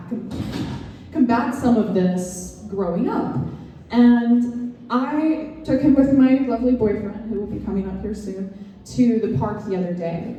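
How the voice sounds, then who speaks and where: A woman from the American South, doing a stand-up comedy set in a halting, filler-heavy, dryly self-mocking way, live in a comedy lounge. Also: mid-range voice, mellow. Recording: roomy club echo, far mic.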